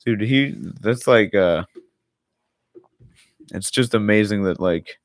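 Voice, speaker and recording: A man's voice: lowish voice, slow, no room sound, clean studio sound. A young man co-hosting a podcast, rambling in casual chat with lots of filler words and swearing. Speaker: podcast co-host.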